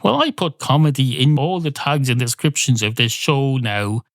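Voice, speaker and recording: Irish male podcast host, dry deadpan rambler, mid voice, dry close mic. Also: mid-range voice, moderate pace, no room sound. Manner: deadpan, wry, digressive, swears casually. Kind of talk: rambling comic monologue. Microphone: close studio mic.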